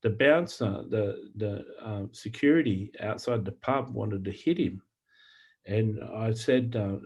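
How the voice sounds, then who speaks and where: Man, low voice, mellow dark tone, halting testimony storytelling, lots of fillers and restarts, earnest. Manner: halting, many fillers and repeated words. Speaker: Christian author and prophetic minister. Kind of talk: personal testimony storytelling to camera.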